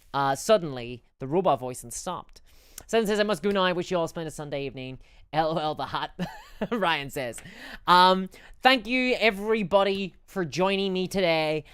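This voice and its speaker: A woman's voice: sits low, clean tone, no room sound, studio quality. A woman chatting casually on a live stream, reading out and answering chat messages, rambling and stumbling over her words.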